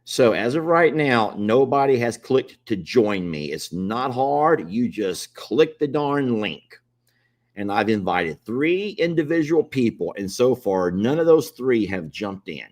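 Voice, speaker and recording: A man's voice: medium pitch, expressive, a little slow. A man casually hosting a livestream, chatting and pleading with viewers to join. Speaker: livestream host.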